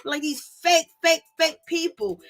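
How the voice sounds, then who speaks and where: With faint music behind her, a young woman with a very high-pitched voice talks at a measured pace in her reality-TV review vlog. She rants to her viewers directly, sounding exasperated and animated and using plenty of slang.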